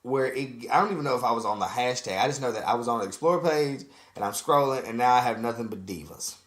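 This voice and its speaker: A man's voice: medium pitch, quick pace, a bit bright, reverberant. A man co-hosting a podcast, talking in casual, profane banter and acting out quotes. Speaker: podcast co-host. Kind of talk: casual chat.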